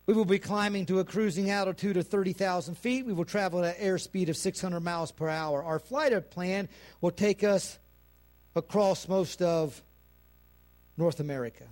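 Preacher plays a composed airline captain, announcement tone. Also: male voice, high voice.

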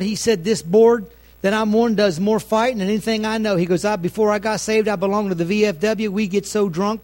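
Man preaching, high voice, folksy sermon, loud then hushed, middle-aged pastor.

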